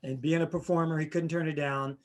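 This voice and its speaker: A man's voice: fairly high pitch, fairly even intonation, fairly quick. A middle-aged man hosting a podcast, chatting casually and telling rambling stories, often acting out the people he quotes. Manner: rambling storyteller, acts out quotes with voices. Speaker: podcast host. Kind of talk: casual chat.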